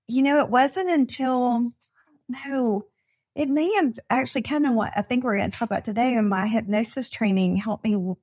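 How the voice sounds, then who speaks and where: A woman's voice: medium pitch, a little mellow. A woman therapist, a podcast guest, talking casually at a live conference recording, with many fillers and restarts. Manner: chatty, many fillers and restarts, frequent laughter. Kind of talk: casual conversation.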